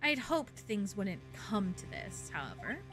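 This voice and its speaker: A woman voicing a cool, formal young male prosecutor in a game, speaking in a measured, lecturing and cutting way. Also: mid-range voice, sing-song, over music. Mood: grave. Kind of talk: fan voice-over of a game's dialogue.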